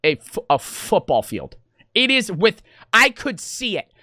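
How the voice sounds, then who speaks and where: A young man tells a story on stream in an animated, excitable rush, swearing freely and hitting his words hard. His voice is bright and forceful, with a lively pitch that jumps all over. The sound is close and dry. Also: no room sound. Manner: excitable, swears a lot, rapid and emphatic. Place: gaming house room.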